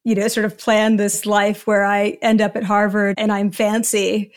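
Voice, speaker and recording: A woman's voice: medium pitch, level tone, moderate pace, background noise. A woman guest in an interview, talking enthusiastically and a little rambling, often laughing between thoughts. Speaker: podcast guest. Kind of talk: conversational interview.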